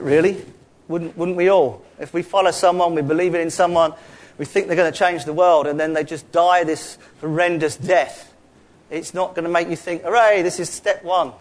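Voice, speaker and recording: Chatty London-accented man preaching. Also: sits high. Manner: chatty, conversational, asides and rhetorical questions. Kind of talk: sermon.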